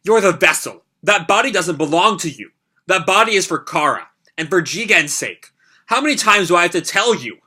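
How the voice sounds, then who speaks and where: A man voicing a cold, scornful young woman villain as he reads manga lines aloud in a low, dismissive way. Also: lively intonation, moderate pace, sharp tone, husky, exaggerated voice. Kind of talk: reading manga dialogue aloud.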